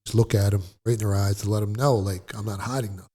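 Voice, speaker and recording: A middle-aged man telling a personal story in a blunt, profane, animated way, as a guest in a casual interview. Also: on the low side, fast talker.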